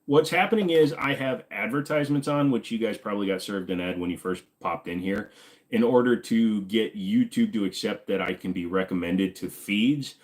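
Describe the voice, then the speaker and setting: A man hosting a casual livestream, chatting with viewers and reading the chat, joking and sarcastic, with sudden high exclamations. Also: moderate pace. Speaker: livestream host.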